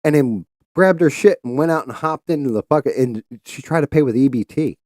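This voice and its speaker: A man's voice: medium pitch, brisk, a little mellow, dry recording, clean studio sound. A man hosting a livestream, ranting in a casual, profane, heated way. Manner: profane, heated, mocking quoted callers. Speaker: livestream host. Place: home streaming setup.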